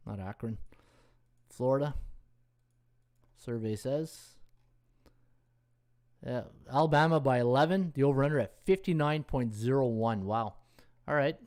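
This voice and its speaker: A man hosts a loose live-stream Q&A on sports betting, rambling and thinking aloud as he searches through games. He reads out viewers' comments and thanks them, with an ordinary mid-range voice. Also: mid-range voice. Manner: rambling, thinks aloud while scrolling stats. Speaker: sports betting handicapper and host.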